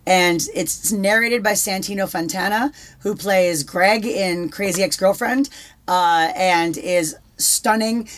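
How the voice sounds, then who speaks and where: In casual podcast conversation, this young co-host curses without holding back and keeps restarting what she says. She speaks slowly at a medium pitch.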